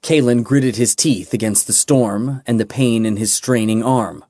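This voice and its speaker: A man narrating a fantasy audiobook with a measured, dramatic reading. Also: mid-range voice, dark tone, no room sound, studio quality. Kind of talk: scripted narration.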